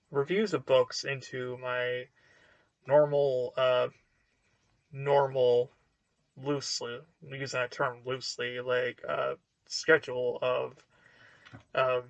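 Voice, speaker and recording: A man's voice: medium pitch, steady tone, slow pace, gravelly, long pauses, no echo. A man giving a casual book review to camera, hesitant and full of fillers and restarts.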